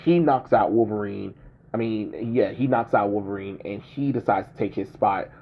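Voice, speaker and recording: A man's voice: lowish voice, normal speed. Rambling young man, dull lo-fi sound. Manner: rambling, many ums, restarts. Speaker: movie reviewer. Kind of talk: casual spoken plot recap. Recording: dull lo-fi recording.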